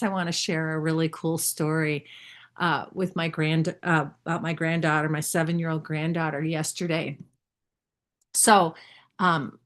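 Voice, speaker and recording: An older woman sharing a story in a casual, rambling way, often restarting her sentences and laughing. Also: lowish voice. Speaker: spiritual group member sharing.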